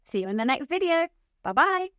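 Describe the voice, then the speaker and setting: A woman teaching medical English pronunciation, speaking slowly and enunciating each term clearly. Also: high-pitched, sing-song, fairly bright tone, no echo, studio quality. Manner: slow, clearly enunciated, instructive. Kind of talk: pronunciation lesson.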